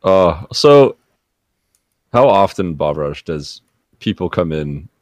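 A young man hosting a casual podcast, teasing his friend, laughing loudly and swearing. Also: sits low, big pitch swings, takes it slowly, no room sound. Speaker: podcast host. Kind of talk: casual chat.

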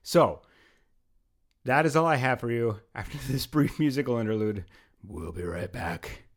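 A man from Pennsylvania hosting a podcast in casual chat, animated and quick to rant and laugh. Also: medium pitch. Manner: animated, ranting, laughs often. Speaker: podcast host. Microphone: headphones on, video call.

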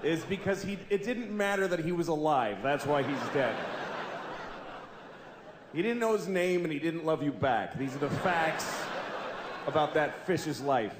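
A man in his forties doing stand-up in a large, echoey theater, with a fairly high voice that jumps around a lot. He talks deadpan and fed up, then bursts into loud, shouted voices. Audience noise is clearly heard underneath. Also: measured pace. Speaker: stand-up comedian. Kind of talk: stand-up comedy routine.

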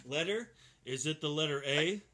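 A man's voice: fairly high pitch, lively intonation, normal speed, loud music behind the voice. A man co-hosting a podcast, teasing and sarcastic, often talking over the others. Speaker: podcast co-host. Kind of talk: casual profane banter.

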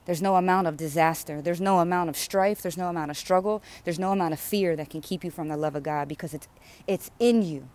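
A woman's voice: fairly low pitch, fairly quick, darkish tone. A woman delivering an impassioned, rhythmic spiritual sermon, repeating phrases with growing fervor. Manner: repetitive, rhythmic, fervent preaching. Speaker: spiritual speaker.

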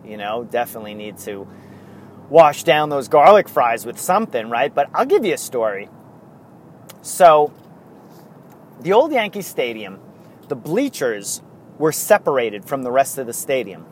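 A middle-aged man, co-hosting a casual podcast and telling rambling stories in excited bursts. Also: medium pitch, a little hiss or hum. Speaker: podcast co-host. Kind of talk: casual chat.

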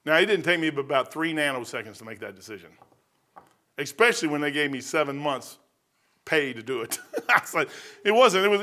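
A middle-aged man preaching a sermon, telling a personal story and moving between hushed asides and excited outbursts. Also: a little high, a little fast. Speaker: pastor.

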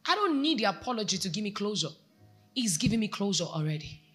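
A woman's voice: mid-range voice, sing-song, fast talker, soft background music. A Nigerian woman pastor preaching a sermon, exhorting her congregation and asking them questions. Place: church.

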